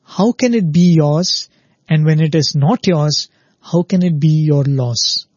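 Guy retelling a wise old man scolding slow and calm, mellow voice. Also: a little high, no room sound, lo-fi sound. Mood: rebuking.

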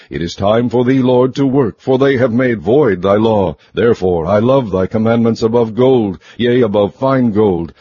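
A man reading scripture aloud in a measured, even, solemn recitation. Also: lowish voice, breathy edge, no room sound. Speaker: scripture reader. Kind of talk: steady scripted Bible reading. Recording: muffled lo-fi recording.

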